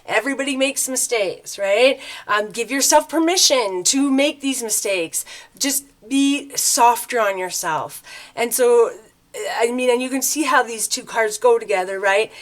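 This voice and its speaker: Woman tarot reader chatting away, fairly high voice, loose rambly talk, keeps tossing in "right?". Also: a little slow. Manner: chatty, loose and rambling, with frequent tag questions. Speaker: tarot reader and spiritual host. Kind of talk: casual spiritual talk to camera.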